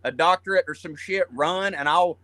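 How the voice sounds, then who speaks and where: A man from Georgia with a Southern accent, a guest comedian in a casual chat, rambling and profane as he tells animated stories. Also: fairly high pitch, moderate pace, dry recording.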